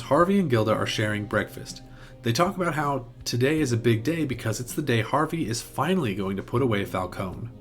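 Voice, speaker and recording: A man narrating a plot outline in a steady recap tone, with the odd small restart. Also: mid-range voice. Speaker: video essay host.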